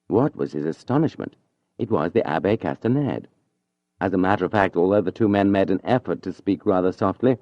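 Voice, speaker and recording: Low-voiced man narrating an audiobook. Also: no echo, muffled recording.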